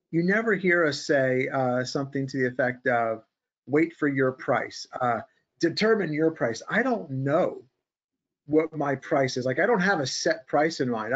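A man hosting a casual trading podcast, talking in an animated, sarcastic, ranting way. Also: fairly high pitch, highs cut off. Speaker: podcast host.

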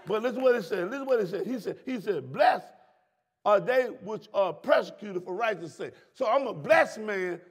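A man preaching a sermon as pastor, repeating lines and breaking into shouts at the congregation. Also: high-pitched, lively intonation, moderate pace, slightly rough. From Southern United States.

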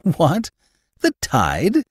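An eager young man full of wonder, his questions leaping upward with excitement, as a reader puts him on. The voice sits low but swings widely in pitch. It sounds dry and close. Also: moderate pace, no echo. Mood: excited. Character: eager young male scientist's nephew, excitable.

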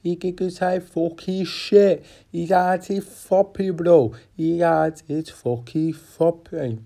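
Guy rambling slow about a fight, lots of ums and swearing, soft dark voice. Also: fairly high pitch, steady tone, gravelly. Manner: rambling, profane, halting with many fillers. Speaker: boxing fan giving fight predictions. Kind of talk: casual rambling fight preview.

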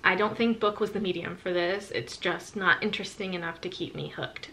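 Bright-voiced chatty woman reviewer. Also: lowish voice, fairly quick, slight background noise. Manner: candid and chatty, often laughing. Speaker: book reviewer. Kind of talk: casual spoken book review.

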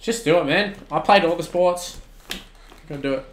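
An Australian man in his twenties streaming a football video game, shouting at the plays and then chatting casually with viewers. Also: fairly high pitch, normal speed, echoey room, a little hiss or hum. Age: 20s. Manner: excitable, swings from shouting at the game to relaxed chat. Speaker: gaming streamer. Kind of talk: live-stream commentary and chat replies.

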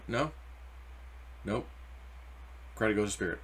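A man's voice: mid-range voice, moderate pace, sharp tone. A middle-aged man giving casual, rambling crypto market commentary with anecdotes and spiritual asides. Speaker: crypto YouTuber.

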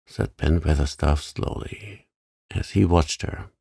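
Calm guy reading a bedtime story for grownups, deep and slow, gravelly. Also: dry recording, studio quality. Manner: calm, gentle, unhurried. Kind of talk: calm sleep-story narration.

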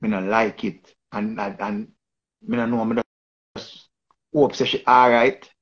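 A man's voice: mid-range voice, fairly even intonation, unhurried, slightly rough, muffled recording. A man with a Jamaican accent giving rambling casual commentary in patois, often repeating and restarting his phrases. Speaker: online commentator.

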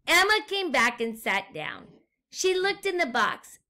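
A woman teacher reading a storybook aloud to young children and asking them gentle questions. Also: sits high, sing-song. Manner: gentle, slow, questions to the listener.

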